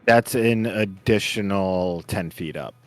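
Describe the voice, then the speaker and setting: A man with a fairly low voice runs a tabletop game as its game master. He gives quick, easygoing rulings and answers with a lot of casual uh-huhs. Faint music plays softly behind him.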